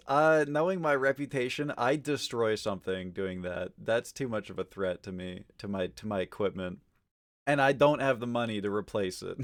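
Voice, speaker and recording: A man streaming live, chatting casually with his viewers, swinging from mumbled asides to loud exasperated ranting, with lots of swearing. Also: medium pitch, no echo, studio quality. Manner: profane, argumentative.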